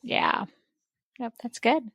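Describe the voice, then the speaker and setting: A woman's voice: slow, a bit bright, no echo, studio quality. A woman co-hosting a podcast, enthusiastic and giggly in casual chat. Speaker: podcast co-host. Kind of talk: casual conversation.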